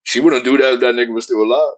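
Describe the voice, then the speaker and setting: A man's voice: medium pitch, fairly even intonation, rapid-fire. A man reacting and joking in crude casual chat, co-hosting a podcast. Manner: profane, laughing reactions. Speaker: podcast co-host.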